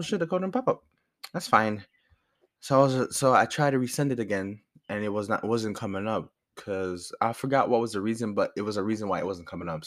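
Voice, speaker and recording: A young man vents about a family argument in a loose, casual storytime. He swears freely and acts out the back-and-forth in quoted lines. His voice sits at an ordinary middle pitch. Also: a bit bright.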